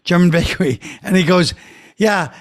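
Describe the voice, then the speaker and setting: A man's voice: on the high side, brisk, a bit bright, no room sound. A man from Brooklyn, a guest comedian telling rambling, dry stories in a casual podcast chat. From Brooklyn, New York. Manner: rambling storyteller, dry and wry.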